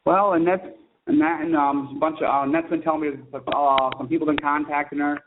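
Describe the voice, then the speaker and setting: A man's voice: fairly high pitch, fairly even intonation. A man, a children's book author, chatting as a guest and telling stories eagerly and ramblingly. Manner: eager storyteller, quick and rambling. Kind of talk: casual phone interview chat. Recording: tinny phone line with faint hiss.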